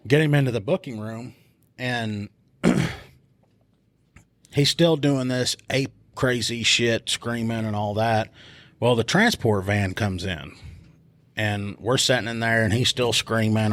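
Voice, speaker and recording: A man's voice: fairly low pitch, no echo. A man, a police officer telling stories casually on a podcast and acting out what people said. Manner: animated retelling, acts out quotes in raised voice. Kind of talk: casual storytelling. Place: podcast studio.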